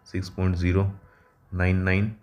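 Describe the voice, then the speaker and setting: Halting tutor, lowish voice. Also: male voice, completely flat delivery, a little mellow. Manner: halting, many fillers and self-corrections. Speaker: engineering exam tutor. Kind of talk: solving problems at a whiteboard.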